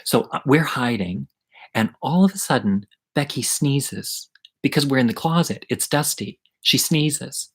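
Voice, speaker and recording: A man's voice: medium pitch, expressive, measured pace, breathy edge, rough recording. A middle-aged man telling a story from his childhood in a chatty, rambling way, swearing freely, as the host of an online story hour. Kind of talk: casual live-streamed storytelling.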